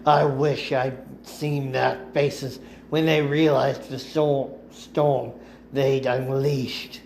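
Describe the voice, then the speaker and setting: A man reads as an old Sith lord with a slow, gravelly delivery, cold and mocking, each word measured and commanding. His voice rests at an everyday middle pitch, with a faint hiss under the home recording. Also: flat delivery, a little mellow. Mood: taunting. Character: cold, taunting elderly male Sith master.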